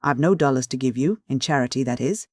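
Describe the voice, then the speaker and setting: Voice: medium pitch, fast, no echo, clean studio sound, natural voice. A narrator voicing a truculent, lean American sea captain who drawls slang with a placid swagger.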